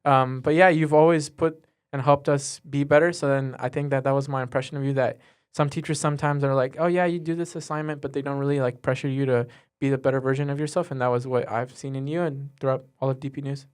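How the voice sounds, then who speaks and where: A teenage boy, a student guest, answering in a casual interview with an earnest, halting way of talking and many fillers. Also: medium pitch, level tone, clear, resonant tone. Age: teens.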